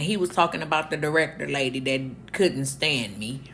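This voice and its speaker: Gravelly-voiced woman telling a candid story. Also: low-pitched, normal speed, hardly any pauses, slight background noise. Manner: candid, animated, acts out quoted dialogue. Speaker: storyteller vlogger. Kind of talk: casual storytime monologue.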